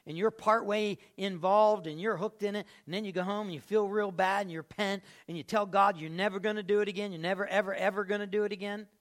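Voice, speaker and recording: High-voiced pastor preaching a sermon. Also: male voice. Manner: animated, swings between loud and hushed; rhetorical questions to the congregation.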